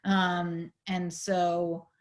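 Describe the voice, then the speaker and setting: Low-voiced woman, hoarse, explaining. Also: level tone. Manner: measured, with frequent fillers. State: losing her voice. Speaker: legal advocate in a panel discussion. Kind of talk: explanatory panel talk.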